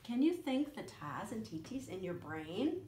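A woman music teacher giving a children's lesson, talking to young kids in a slow, sing-song way. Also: mid-range voice, sing-song, warm tone. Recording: echoey room with faint noise.

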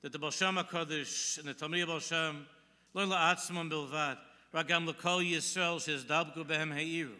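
Bright-voiced rabbi preaching in a hall. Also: male voice, on the high side, fairly even intonation, normal speed. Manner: storytelling, quoting Hebrew texts and translating. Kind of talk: sermon. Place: large synagogue hall. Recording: long hall reverb.

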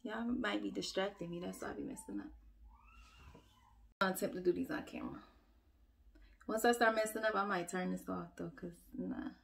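A woman's voice: medium pitch, normal speed, gravelly, long pauses. Chatty woman vlogging makeup at home. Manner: chatty and self-mocking, talks straight to viewers. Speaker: beauty vlogger and mother. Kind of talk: casual get-ready-with-me chat. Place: at home, upstairs room.

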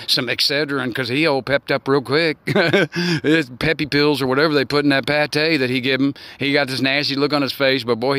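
A man in his sixties giving a rambling, preachy folksy monologue outdoors, with loud bursts. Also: mid-range voice. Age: 60s. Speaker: online talk show host.

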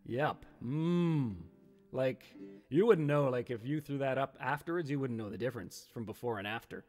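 A man's voice: mid-range voice, fairly quick, a little mellow, faint music behind. A man hosting a casual livestream, chatting playfully with viewers and reading their comments aloud in a rambling way. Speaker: livestream host. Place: home studio in Kingston, Ontario. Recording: long reverb.

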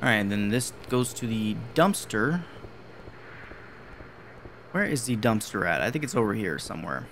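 A man's voice: lowish voice, lively intonation, normal speed, long pauses, fairly bright tone, a little hiss or hum. A man playing a horror game and commenting casually, swearing often and reacting jumpily. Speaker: gaming video creator.

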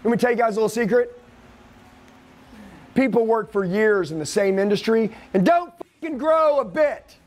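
A man's voice: high-pitched, moderate pace. A man leading a live sales training seminar, lecturing with profane, aggressive hype. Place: training room with an audience.

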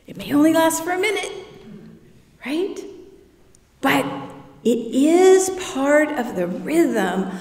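A woman's voice: high-pitched, expressive, slow, pauses often, darkish tone. A woman pastor preaching a sermon in a reflective, conversational way. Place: church sanctuary. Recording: echoey church hall, from far off.

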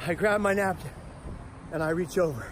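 A man speaker telling a comedic personal story in a punchy, animated way with profane asides. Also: sits high, normal speed, noisy background. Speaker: motivational speaker.

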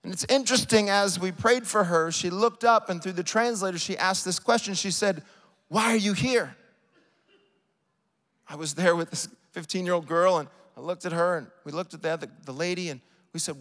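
A man preaching a sermon live in a church, rising to shouts and falling to soft, quiet stretches. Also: high voice, moderate pace. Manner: impassioned preaching, builds to shouts then drops soft. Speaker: pastor. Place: large church sanctuary. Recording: live church hall reverb.

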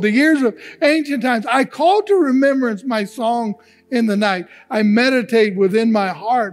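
Pastor guy preaching slow, repeats himself a lot, big echoey church sound. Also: extremely high pitch. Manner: repeats words while reading scripture aloud. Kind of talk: sermon. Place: church sanctuary. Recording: long reverb of a church hall.

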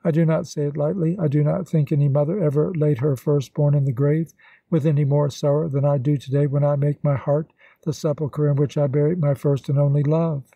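A man reading the lines of an earnest young woman in an audiobook, speaking solemnly and in measured phrases. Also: a little high, level tone, gravelly, mellow, breathy edge, no room sound, dull audio. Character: earnest young woman renouncing her love.

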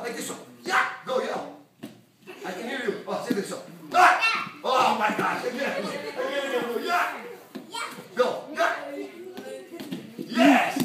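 Distant, echoing taekwondo instructor. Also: medium pitch. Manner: brisk, repeated commands with loud yells. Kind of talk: coaching a children's class. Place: large echoey training hall. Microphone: camera far across the room. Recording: very echoey hall, voice from far off, noisy.

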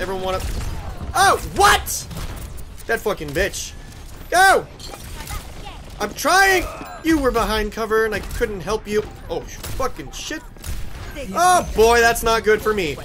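Frantic high-voiced gamer man, swearing. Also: slight background noise. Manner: frantic, swearing, yelling at teammates. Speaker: gaming YouTuber. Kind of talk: live gameplay commentary.

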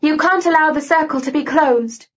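Urgent pleading young woman, pitched up a bit, woman reader doing her, muffled sound. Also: a little slow, a bit bright. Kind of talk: audiobook dialogue.

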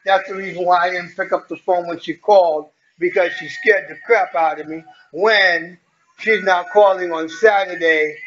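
A man's voice: sits high, steady tone, moderate pace, a bit bright, highs cut off, slight background noise. A man vlogging in a rambling, clowning way, talking straight to his viewers. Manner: clowning, playful, talks to viewers directly. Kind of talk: rambling personal vlog.

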